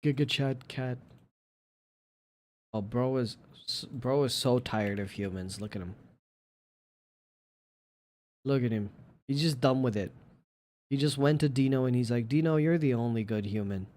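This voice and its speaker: A man's voice: normal speed, pauses often, darkish tone. A man streaming live, chatting casually and gushing playfully over viewer pictures. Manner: gushing and playful, jumps into squeaky high exclamations.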